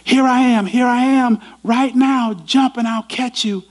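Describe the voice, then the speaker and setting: A man's voice: extremely high pitch, steady tone, unhurried, voice pushed up. A man voicing a desperate father who urgently coaxes his son to jump through the smoke. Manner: urgent, coaxing, calling out.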